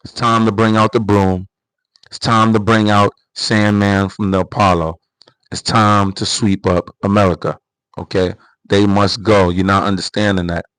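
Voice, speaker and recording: A man's voice: fairly low pitch, flat delivery, moderate pace, fairly bright tone, no echo, poor audio. A man hosting a livestream, giving casual political commentary in an emphatic, repetitive way full of rhetorical questions. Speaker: livestream host.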